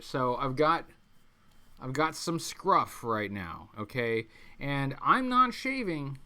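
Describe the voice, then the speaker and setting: Male streamer host, casual chat, bright voice, a bit high, stumbles and restarts a lot. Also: clear, resonant tone. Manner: rambling, many ums and restarts, reads chat aloud. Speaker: livestream host. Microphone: webcam mic.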